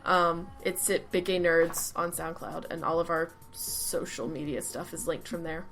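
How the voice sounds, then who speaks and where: A woman co-hosting a gaming podcast, chatting casually and excitably and swearing freely. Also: lowish voice, a little slow. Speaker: podcast co-host. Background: faint background music.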